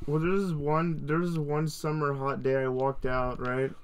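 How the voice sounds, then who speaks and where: A man's voice: a little high, level tone, measured pace, a crowd in the background. A man co-hosting a casual livestream, telling rambling, profane anecdotes. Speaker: co-host.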